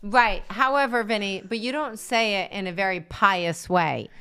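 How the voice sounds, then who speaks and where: A middle-aged woman co-hosting a comedy talk show, agreeable and quick to chime in and tease. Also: medium pitch, pushed and bright, a little hiss or hum. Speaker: co-host. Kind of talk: casual comedic chat.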